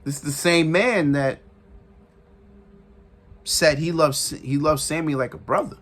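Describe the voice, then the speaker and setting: A man giving a casual, excitable recap of a wrestling event, repeating phrases for emphasis and laughing often. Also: a little high, unhurried. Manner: excitable, retells with shouted quotes and sound effects. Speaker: wrestling reviewer.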